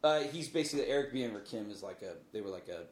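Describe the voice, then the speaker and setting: Animated man chatting in an echoey studio. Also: mid-range voice, rapid-fire, a little hiss or hum. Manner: animated, breaks into jokey put-on voices. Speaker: podcast guest. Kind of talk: casual chat. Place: podcast studio.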